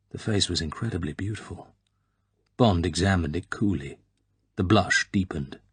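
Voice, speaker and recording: Low husky guy reading a novel, steady narration. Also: moderate pace, dry recording. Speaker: audiobook narrator. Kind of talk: scripted narration.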